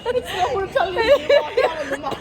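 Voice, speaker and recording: A woman's voice: very high voice, big pitch swings, fast talker, over a noisy crowd, very noisy. A woman chatting casually and animatedly with a friend. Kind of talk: casual chat.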